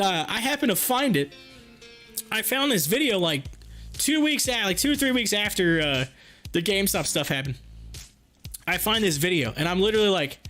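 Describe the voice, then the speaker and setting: A man hosting a casual livestream, reading chat and talking in an excited, chatty, folksy way, a bit hoarse. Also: high voice. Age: adult with kids. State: hoarse, losing his voice.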